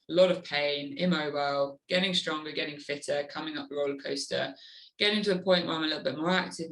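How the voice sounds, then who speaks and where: A woman's voice: fairly low pitch, low-quality recording. Earnest woman guest talking openly. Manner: earnest, animated when acting out her inner voice. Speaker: guest, adventure motorcyclist. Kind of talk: candid interview talk.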